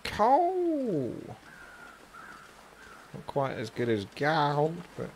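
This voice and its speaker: A man's voice: fairly low pitch, normal speed, slight background noise. A man streaming a game live, chatting casually with rambling asides and a slight sore throat. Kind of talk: live gameplay commentary.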